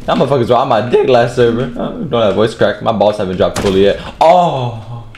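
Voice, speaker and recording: A man's voice: mid-range voice, lively intonation, fairly quick, darkish tone, echoey room. A man giving profane, taunting commentary over his own gameplay. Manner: profane, taunting trash talk. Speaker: gaming video host.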